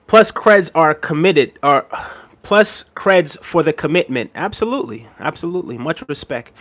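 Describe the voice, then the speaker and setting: Chuckling often, a US livestream host reads his viewers' comments out loud and responds in a casual, animated way. He speaks at a normal speed with a fairly high, slightly bright voice.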